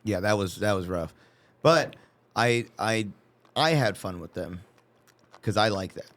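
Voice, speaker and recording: A man's voice: fairly low pitch, animated, unhurried, fairly bright tone. A man who is a comedian, guesting on a podcast and trading crude jokes with bits of acted-out dialogue. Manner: joking, laughing, acts out quoted lines. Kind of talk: crude casual chat.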